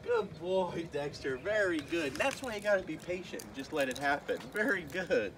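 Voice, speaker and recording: A male dog trainer talking casually on camera while playing with a puppy, breaking into high, excited praise between calm asides. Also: normal speed. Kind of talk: casual training vlog talk. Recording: distant voice with clear background noise.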